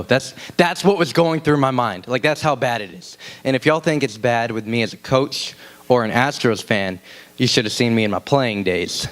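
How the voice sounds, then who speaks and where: A young man preaching a casual youth sermon, telling stories and acting out shouted quotes in a high voice. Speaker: youth pastor. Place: church youth room.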